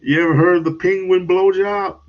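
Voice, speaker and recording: A man hosting a livestream, ranting in commentary with sudden loud bursts and chuckles. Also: high-pitched, fairly even intonation, normal speed, lo-fi sound. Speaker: streamer host.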